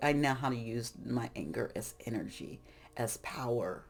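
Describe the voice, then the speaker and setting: A middle-aged woman talks through a tarot session in a loose, frank, rambling way. Her voice sits low with a gravelly, fried edge. She often breaks off and restarts her sentences. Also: animated, normal speed. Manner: rambling, frank, self-interrupting. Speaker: tarot reader. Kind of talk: casual spiritual talk.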